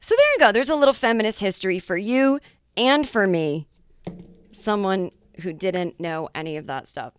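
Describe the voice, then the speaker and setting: A woman hosting her comedy podcast, talking in a chatty, self-mocking monologue with quick asides. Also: mid-range voice, sing-song, clean tone, dry recording.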